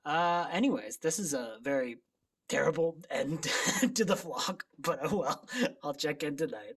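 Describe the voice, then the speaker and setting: A woman's voice: low voice, animated, unhurried, breathy edge, far from the mic. A woman chatting casually in a home vlog, rambling and poking fun at herself. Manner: chatty, self-deprecating, rambling. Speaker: book vlogger. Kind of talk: casual chat.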